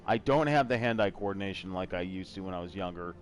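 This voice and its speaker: A man's voice: deep voice, fast talker, slight background noise. A middle-aged man hosting a casual gaming chat show, talking in a rambling, self-deprecating way. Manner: rambling, self-deprecating, slips into a joking put-on accent. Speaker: podcast host.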